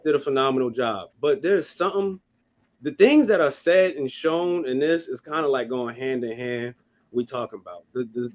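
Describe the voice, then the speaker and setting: Man, podcast co-host, casual chat, profane, animated movie recap, middle pitch.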